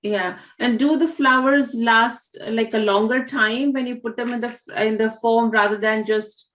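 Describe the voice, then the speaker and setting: A woman's voice: on the high side, steady tone, moderate pace, a bit bright. A woman hosting a casual chat, agreeing often and asking follow-up questions with small hesitations. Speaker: host interviewing the teacher. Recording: echoey room.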